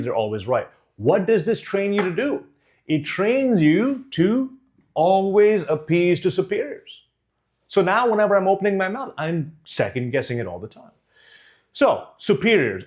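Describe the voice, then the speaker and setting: Male speaking coach, young adult, expressive and animated delivery. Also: on the high side. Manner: animated, demonstrates tones and faces. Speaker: communication coach. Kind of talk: direct-to-camera speaking lesson.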